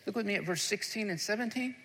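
A man's voice: high-pitched, quick pace, vocal fry, pushed and bright, a little hiss or hum. A man preaching a sermon, building to fervent, emphatic delivery. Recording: long hall reverb.

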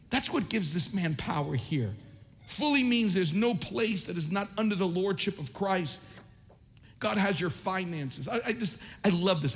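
A man preaching a sermon as pastor, impassioned and shouting at his peaks, reading scripture aloud and quizzing his listeners. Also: sits high, big-room sound.

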